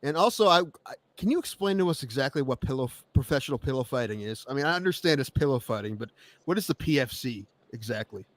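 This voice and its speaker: A man's voice: mid-range voice, expressive, fast talker, dry recording. A man co-hosting a casual podcast, bantering playfully and asking questions. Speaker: podcast co-host.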